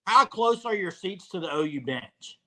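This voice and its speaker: A man hosting a live sports talk show, relaxed and conversational, speaking to the chat. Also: high voice, moderate pace. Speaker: host.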